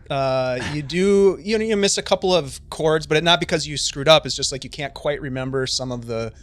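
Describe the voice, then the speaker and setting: A man's voice: on the high side, normal speed, fairly bright tone. A man narrating a tabletop game on a live stream as game master, chatty and full of fillers.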